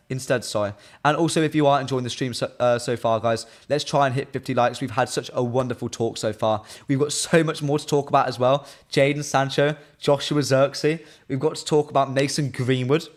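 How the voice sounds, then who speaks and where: A man's voice: medium pitch, brisk. A young man presenting a live football fan stream, chatting casually in an opinionated way and reading out viewer comments between frequent "um"s.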